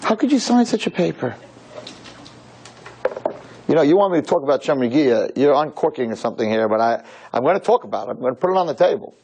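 A man's voice: medium pitch, very fast, few pauses, background noise. A man, a rabbi, telling a story during a sermon in a synagogue, acting out the voices of the people in it. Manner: animated, acts out quoted voices.

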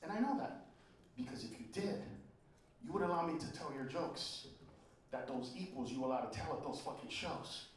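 A man from Honduras doing a brash, profane stand-up set, swinging between shouts and low mutters. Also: big pitch swings, normal speed, far from the mic. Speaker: stand-up comedian. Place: comedy club stage. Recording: roomy live club recording with crowd noise.

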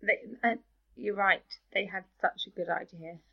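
A woman's voice: medium pitch, fairly even intonation, measured pace, creaky. A woman chatting casually as a podcast panelist, keen and agreeing often. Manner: enthusiastic, agrees a lot. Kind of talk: casual chat. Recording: dull lo-fi recording.

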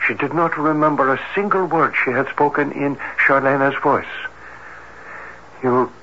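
Casting: a hesitant, formal doctor, bright clear tone, dull old radio sound with faint hiss. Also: male voice, mid-range voice, fairly even intonation, moderate pace. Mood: earnest. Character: cautious, formal male doctor, a man of science. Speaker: cardiologist. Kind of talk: 1970s radio drama acting.

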